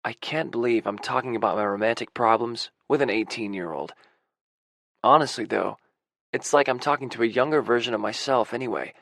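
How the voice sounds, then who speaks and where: A man narrating a first-person audiobook in a wry, gruff manner on a close studio mic. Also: mid-range voice, fairly quick, fairly bright tone, no echo.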